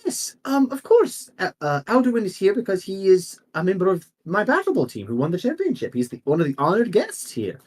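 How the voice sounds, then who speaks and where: A man voicing a fussy noble host who gushes and apologizes quickly. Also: high-pitched, huge pitch swings, slightly rough, pitched above the performer's own voice, exaggerated voice. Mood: flustered.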